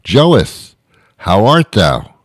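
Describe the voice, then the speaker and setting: A man voicing a pompous Elizabethan gentleman in drawn-out mock old English. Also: on the low side, wildly swooping pitch, dry recording, exaggerated voice.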